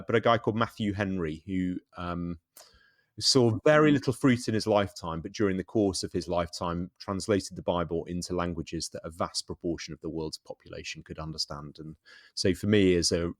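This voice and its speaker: Self-deprecating British man, deep and dry. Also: dry recording. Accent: British English. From England. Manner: halting, self-deprecating, stammers into restarts. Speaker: pastor. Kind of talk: casual podcast chat.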